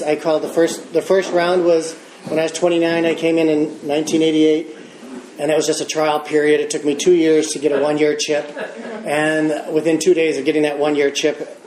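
A man's voice: a little high, darkish tone. A man in his fifties with an American accent gives a personal testimony at a recovery meeting. He tells his story with chuckles and self-deprecating humor. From Michigan, United States. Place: large meeting room. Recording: echoey room with background noise.

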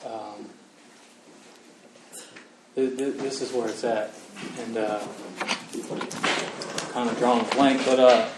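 A man sharing his recovery story at a meeting, halting and earnest with many restarts, emotional. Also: mid-range voice, steady tone, noisy background. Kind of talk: personal recovery testimony. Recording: roomy echo, far from mic, faint ambience.

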